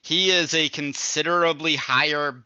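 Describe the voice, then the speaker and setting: Bright, dry-voiced man streamer. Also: fairly high pitch, fairly even intonation, moderate pace, smooth, dry recording. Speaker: guest streamer. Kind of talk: casual live-stream chat.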